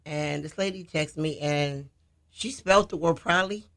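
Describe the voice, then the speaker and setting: A man's voice: fairly high pitch, measured pace, gravelly, a bit bright. A man from Detroit, co-hosting a radio talk show, telling a story in casual chat and laughing often.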